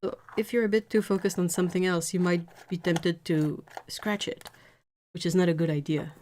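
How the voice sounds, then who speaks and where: A woman's voice: fairly low pitch, steady tone, normal speed, darkish tone, a little hiss or hum. Chatty woman. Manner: chatty, rambling, with frequent restarts. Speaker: art streamer. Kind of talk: casual live-stream chat. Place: home painting desk.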